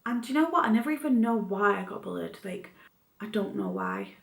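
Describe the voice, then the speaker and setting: A woman's voice: medium pitch, expressive, brisk, creaky. A young woman telling a personal story in a rambling, casual vlog, with lots of fillers and restarts. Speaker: vlogger. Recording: echoey room.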